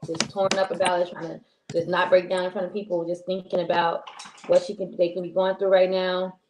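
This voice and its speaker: A woman's voice: on the low side, level tone, fairly quick, noisy background. A woman co-hosting a casual talk show, rambling and chatty with many restarts. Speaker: co-host. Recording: roomy echo.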